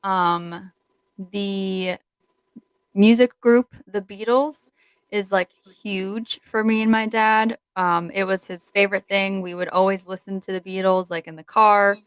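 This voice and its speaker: A woman's voice: medium pitch, fairly even intonation, unhurried, clean tone, no room sound, rough recording. A young woman co-hosting a podcast, chatting casually with a rambling, giggly manner and many fillers. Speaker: podcast co-host. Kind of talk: casual chat.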